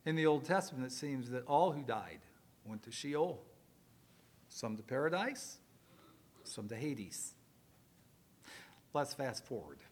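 A male preacher giving a sermon, swinging from loud emphatic lines to quiet asides and joking with the congregation. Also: medium pitch.

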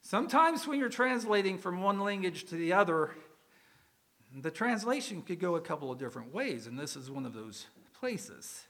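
Man, pastor, conversational sermon, questions to the congregation, high voice, bright tone. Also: sing-song, moderate pace. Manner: conversational, asks the congregation questions, uses some fillers.

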